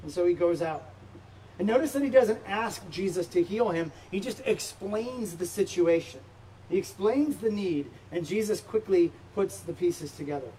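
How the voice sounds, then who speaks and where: A man's voice: high-pitched, expressive, normal speed, dark tone. Emphatic man preaching a sermon. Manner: emphatic, with rhetorical questions. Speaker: pastor. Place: church sanctuary. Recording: distant mic with faint background noise.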